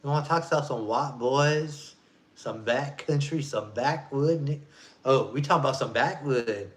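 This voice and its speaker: A vlogger in his forties, speaking at a medium pitch and moderate pace, goes on a casual rant. He rambles, swears, and talks in loose street slang.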